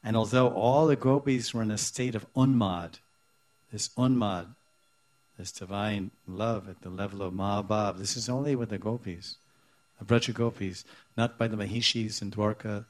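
A man giving a devotional lecture, explaining scripture in a halting, searching way with many restarts. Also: fairly low pitch, fairly even intonation. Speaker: spiritual teacher.

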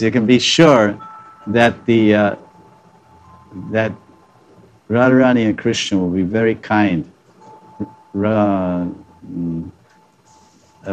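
A man's voice: lowish voice, a little mellow. A man giving a devotional lecture as a spiritual teacher, chuckling at his own jokes and acting out the voices of the people he quotes.

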